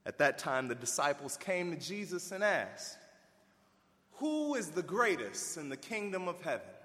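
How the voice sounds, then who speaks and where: Male preacher, sermon, high lively voice, bright tone, long hall reverb, folksy, loud then hushed. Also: measured pace. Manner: animated, swings between loud emphasis and hushed asides; folksy, addresses listeners as y'all.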